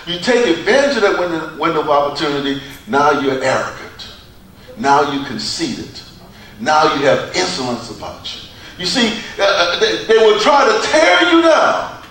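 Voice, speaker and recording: A man preaching a sermon in a church, with a preacher's cadence, dramatic pauses and repeated phrases. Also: sits high, a bit bright. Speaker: pastor. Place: church sanctuary. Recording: echoey church from far off.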